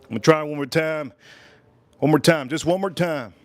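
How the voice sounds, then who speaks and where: A man hosting a casual cooking and tasting livestream, who talks in a drawn-out, playful way and repeats his phrases. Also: fairly high pitch, no room sound. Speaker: livestream host.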